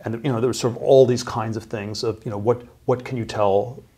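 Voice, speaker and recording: A middle-aged man telling a long story as an interview guest, halting, with many fillers and restarts. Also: mid-range voice, fairly even intonation, mellow, husky.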